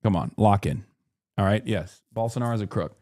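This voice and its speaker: A man hosting a live stream, reacting in casual, animated commentary with swearing and quick jokey asides. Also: fairly low pitch, dry recording, studio quality. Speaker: streamer host.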